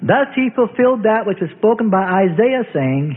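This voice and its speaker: A man giving a dramatic, theatrical scripted narration of a Bible story, slowing and stressing key words. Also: sits high, lively intonation. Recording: echoey tinny radio broadcast.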